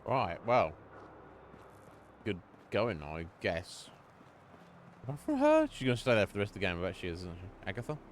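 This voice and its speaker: A man's voice: low-pitched, fairly quick, slight background noise. A man streaming a game, chatting loosely, swearing and laughing at what happens. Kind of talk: live gaming commentary.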